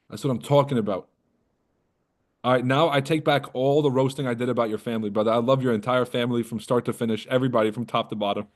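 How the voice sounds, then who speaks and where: A man's voice: medium pitch, fast talker. A man hosting a trading livestream in casual, profane, joking talk, roasting and teasing his viewers. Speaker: trading coach and livestream host.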